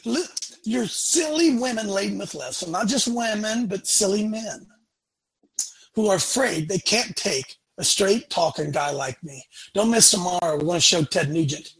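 A man with a husky voice hosts a fiery, preaching talk. He speaks bluntly and drives his points home by repeating them. The tone is bright and forceful. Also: high-pitched, animated, normal speed, poor audio. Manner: emphatic, blunt, repeats lines for punch. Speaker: show host.

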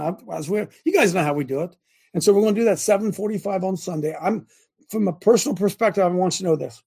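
Gravelly older man preaching. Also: a little high, darkish tone. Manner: fervent, rambling, full of restarts. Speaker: host and preacher. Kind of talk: preachy livestream talk.

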